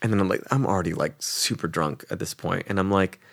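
A young man with a fast delivery and vocal fry co-hosts a podcast, recorded at studio quality without echo. He tells a casual travel story with lots of animation, mimicking the people in it through sudden pitch jumps, with casual swearing and fillers like "like".

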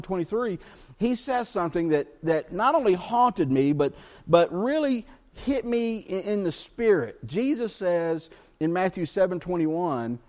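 Earnest high-voiced male pastor preaching. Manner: earnest storytelling with pauses, dropping to a hush on scripture. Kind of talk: sermon.

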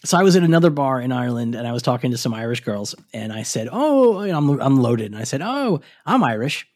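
A man's voice: mid-range voice, rapid-fire. A middle-aged man, co-hosting a podcast and telling stories with lots of laughs. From United States. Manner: animated storyteller, laughs often, acts out quotes. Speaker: podcast co-host. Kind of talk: casual chat.

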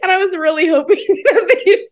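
A woman's voice: extremely high pitch, moderate pace. A young woman casually recapping a book as a podcast co-host, sarcastic and laughing often. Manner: sarcastic, laughs often, quotes characters mockingly. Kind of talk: casual chat.

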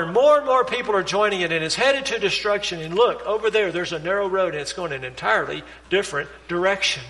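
A man's voice: sits high, sharp tone, big-room sound, rough recording. A man preaching a sermon as a pastor, pleading with his congregation through repeated urgent appeals. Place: church sanctuary.

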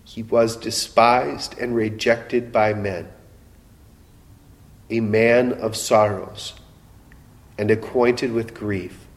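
Male preacher, measured and dramatic delivery, mid pitch, long hall reverb. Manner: slow, dramatic preaching with emotional quoted voices. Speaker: pastor. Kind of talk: sermon.

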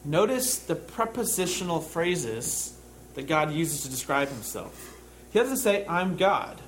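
A man delivers a sermon in a chatty, down-to-earth way, often tossing in quick checks with his listeners. His voice sits a little higher than most men's, and it swells into emphatic, reflective passages. A faint hum of room ambience lies underneath. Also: big pitch swings. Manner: conversational, with tag questions to listeners. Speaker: preacher. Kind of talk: sermon with scripture reading.

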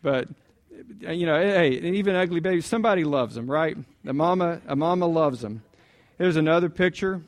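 A man's voice: a little high, moderate pace. A man preaching a sermon in a conversational way, asking the congregation questions and repeating key points. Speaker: pastor.

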